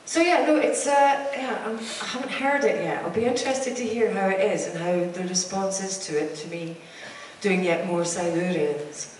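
Lively Scottish-born woman in an echoey hall. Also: medium pitch, moderate pace, recorded from a distance, a little hiss or hum. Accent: English estuary. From Scotland. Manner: bubbly, laughing anecdotes. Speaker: convention panel guest. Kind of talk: live panel storytelling. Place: convention hall on stage.

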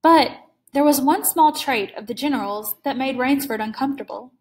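A woman reading a classic short story aloud in a measured, clear storytelling manner. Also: high voice, a little mellow, rough recording. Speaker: reader.

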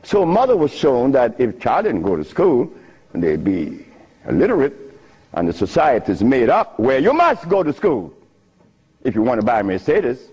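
Husky, animated man telling stories. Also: normal speed. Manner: laughing often, swinging pitch up and down. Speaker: speaker giving a talk. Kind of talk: animated storytelling lecture. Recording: muffled lo-fi recording.

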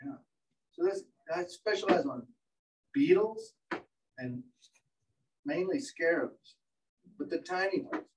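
A high-voiced man lectures a training group, spinning lively, animated stories about beetles. His pitch jumps around a great deal. He is recorded from across an indoor room. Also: slow, gravelly, pauses often, far from the mic, background noise. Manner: animated storyteller, acts out voices. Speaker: entomologist lecturer.

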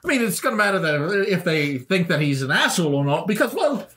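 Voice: medium pitch, very animated, brisk, a bit bright. A player speaking in character in a tabletop game, blunt, argumentative and prone to swearing.

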